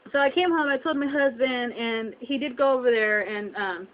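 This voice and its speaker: A young woman with a slightly high voice vents to her webcam, upset and close to tears. She repeats herself and throws out rhetorical questions. The audio is dull and lo-fi. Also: moderate pace. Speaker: vlogger. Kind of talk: emotional venting to camera.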